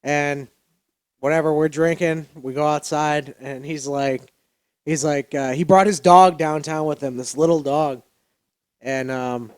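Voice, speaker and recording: Male podcast co-host, slightly higher voice, casual rambling storyteller, loose and profane. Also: fairly even intonation, unhurried. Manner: rambling, laughing, fillers and profanity.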